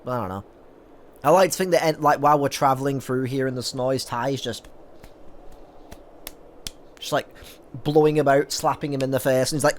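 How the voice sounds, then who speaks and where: A man's voice: medium pitch, fairly even intonation, normal speed, pauses often. A man playing through a video game, reading its dialogue aloud and joking casually, with frequent swearing. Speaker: gaming content creator. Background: game music.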